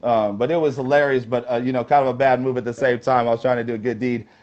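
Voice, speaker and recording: A man's voice: medium pitch, flat delivery, fast, darkish tone. A man as an interview guest, telling long casual stories in a rambling way and filling gaps with "you know". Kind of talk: casual storytelling. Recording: slightly dull lo-fi sound.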